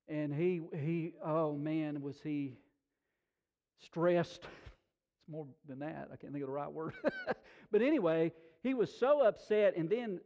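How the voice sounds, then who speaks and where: A man preaching a sermon in a folksy, animated storytelling way, often restarting his sentences. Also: a little high, muffled recording. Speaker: pastor.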